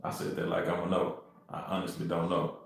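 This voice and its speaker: Deep-voiced man in an echoey room. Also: monotone, quick pace, creaky. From Texas. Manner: loose, talks straight to the chat in slang. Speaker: real estate wholesaler streaming cold calls. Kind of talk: casual livestream chat. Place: home room.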